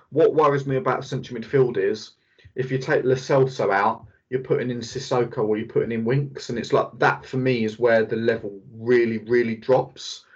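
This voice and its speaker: A man hosting a casual football podcast who talks with eager excitement and many fillers. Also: medium pitch, muffled recording. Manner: enthusiastic, fast, filler-heavy analysis. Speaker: podcast host.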